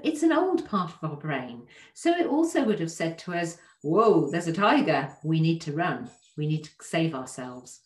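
A woman giving a gentle, reassuring self-help talk straight to the listener, often asking rhetorical questions. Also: lowish voice. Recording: echoey room.

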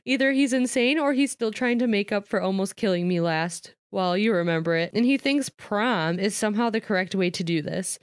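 A woman's voice: mid-range voice, fairly quick, hardly any pauses, smooth, no echo, clean studio sound. A woman reading a novel aloud, often stopping to retell it casually with lots of "like" and frequent laughs. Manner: reads a novel aloud, breaking off to paraphrase with lots of "like". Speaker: reader and commentator. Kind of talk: casual read-aloud with chat.

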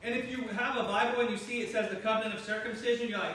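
A man's voice: high voice, steady tone, rapid-fire, a bit bright, distant mic. A man preaching a sermon to his congregation, joking and teasing the people in front of him and laughing at himself. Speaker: pastor. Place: church hall. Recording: very echoey room, voice from afar, faint noise.

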